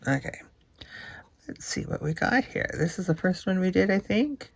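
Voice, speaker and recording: A woman's voice: fairly low pitch, lively intonation, normal speed, vocal fry, a little hiss or hum. A woman craft vlogger chatting casually as she works, often murmuring to herself and dropping into a whisper.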